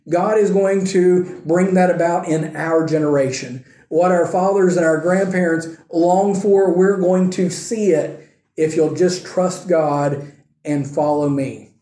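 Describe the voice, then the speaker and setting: Nervous reluctant prophet, earnest, mellow tone, somewhat high, a man doing it. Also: echoey room. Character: nervous reluctant male prophet pleading his case. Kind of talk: sermon retelling with acted quotes.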